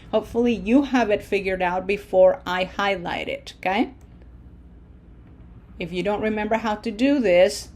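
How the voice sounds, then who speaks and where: Teaching Spanish over slides, this woman speaks in a mid-range voice against slight background noise. Patient and deliberate, she frequently checks in and draws out her vowels as she models words.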